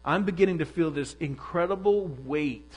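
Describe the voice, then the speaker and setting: Middle-aged guy preaching, telling a story on himself, kinda high voice, faint hum behind. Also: normal speed, low-quality recording. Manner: candid, self-deprecating storytelling. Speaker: pastor. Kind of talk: sermon storytelling.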